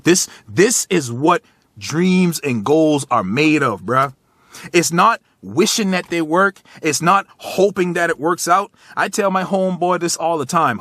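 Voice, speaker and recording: Man in 30s, motivational vlog monologue, raw and profane, slightly high voice, dry close sound. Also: expressive, unhurried, fairly bright tone, no room sound. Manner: raw, profane, preachy, speaks straight to the viewer. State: tearful, choked up. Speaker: motivational vlogger. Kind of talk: emotional motivational monologue to camera.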